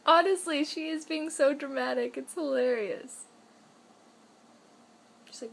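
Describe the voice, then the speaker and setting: A young woman with a high, bright voice narrates a home video of her kitten, amused and giggling through it. The talk is loose and casual, recorded at home. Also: sing-song, drawn-out words, creaky, pauses often, a little hiss or hum. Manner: giggly, amused, laughs often. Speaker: pet owner filming her kitten.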